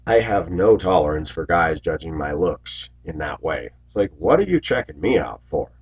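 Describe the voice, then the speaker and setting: A man in his forties telling stories in a rambling monologue to his viewers, raising his voice loudly when he acts out what people said. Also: sits low, sing-song, moderate pace, breathy edge, lo-fi sound. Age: 40s. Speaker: video blogger. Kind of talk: casual monologue to camera.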